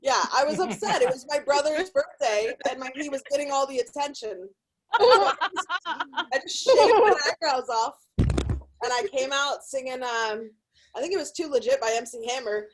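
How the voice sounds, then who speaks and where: Brief: young female comic, high pitch, brash and profane, self-deprecating. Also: animated, normal speed, poor audio. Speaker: stand-up comedian. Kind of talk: stand-up comedy set.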